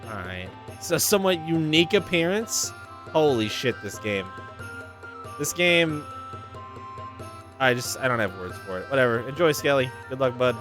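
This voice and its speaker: A man chats through a game stream in a lively, up-and-down voice, swearing with wry exasperation. Game music plays faintly beneath him. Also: medium pitch, normal speed, pauses often. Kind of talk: casual game-stream commentary.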